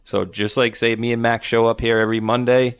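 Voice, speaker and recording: A man's voice: mid-range voice, little pitch movement, a little fast, clear, resonant tone, no room sound. A man co-hosting a talk show, chatting loosely and rambling with sarcastic asides. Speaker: podcast co-host. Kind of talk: casual political chat.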